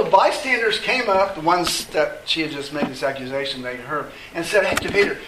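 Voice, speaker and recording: A man's voice: a little high, animated, moderate pace, few pauses, background noise. A man leading a Bible study group, teaching in a conversational way and often checking in with the group by asking "okay?".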